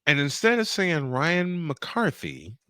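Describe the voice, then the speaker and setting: A man with a New York accent, co-hosting a podcast and telling stories in a lively, laughing way. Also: on the high side, no echo, clean studio sound. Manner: animated storytelling, quick laughs. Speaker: podcast co-host. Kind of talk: casual chat.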